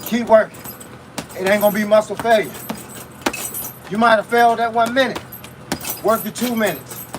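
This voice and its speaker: Breathless, high-voiced boxing coach grunting through punches. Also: male voice, fairly even intonation, normal speed, noisy background. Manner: grunts with each punch between short spoken cues. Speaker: fitness coach. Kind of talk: live boxing workout coaching.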